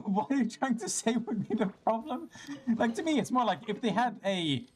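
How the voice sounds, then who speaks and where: A woman's voice: on the high side, big pitch swings, moderate pace, faint music behind. A woman hosting a livestream, chatting casually in a blunt, teasing way with frequent swearing. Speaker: livestream host. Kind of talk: casual chat.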